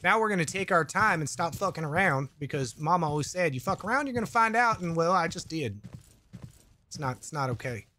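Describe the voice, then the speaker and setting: Speaking into a desk mic with a slight hiss or hum, this gaming YouTuber sounds a little high, expressive, pushed and bright, moving at a fairly quick pace. His let's-play commentary is casual and rambling, with jokey asides, swearing and chat read aloud.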